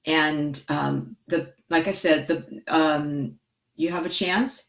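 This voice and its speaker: Excitable low-voiced woman therapist vlogging. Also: takes it slowly. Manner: excitable, chatty, self-described goofball. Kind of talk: casual vlog talking to viewers and live chat. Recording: echoey, roomy sound.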